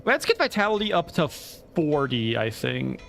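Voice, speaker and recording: A man's voice: a little high, big pitch swings, measured pace, gravelly, fairly bright tone, faint music behind. A man giving casual let's play commentary, thinking aloud and cursing when the game goes badly.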